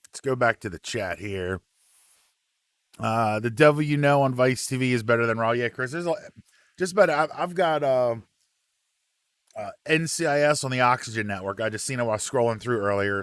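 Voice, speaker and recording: A man hosting a relaxed live wrestling chat, reading out viewer comments with plenty of ums and uhs. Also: mid-range voice, normal speed, long pauses, no room sound.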